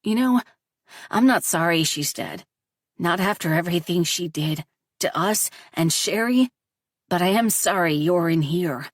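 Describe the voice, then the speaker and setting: A woman's voice: on the low side, lively intonation, measured pace, no room sound, studio quality, distant mic. A woman reading the lines of an earnest teenage boy in a storybook, speaking plainly in her own voice. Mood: bitter. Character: teenage boy, son, shaken but hopeful.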